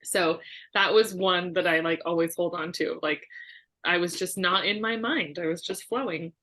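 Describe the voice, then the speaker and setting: A woman's voice: lowish voice, normal speed, bright, forceful tone. A woman chiropractor chatting with colleagues, telling embarrassing stories with self-mocking laughter. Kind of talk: casual storytelling among colleagues.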